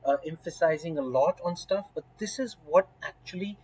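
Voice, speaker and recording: A man with a slightly higher voice gives a spoken lesson for a medical exam course. His tone is husky and emphatic, and he checks in often with "right?" and "you know". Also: normal speed, darkish tone, poor audio.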